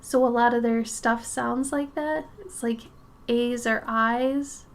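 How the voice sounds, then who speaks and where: A woman chatting casually as she draws on a live stream, thinking aloud, answering chat and sometimes dropping to a soft murmur. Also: on the high side, steady tone, takes it slowly. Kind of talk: casual chat while drawing.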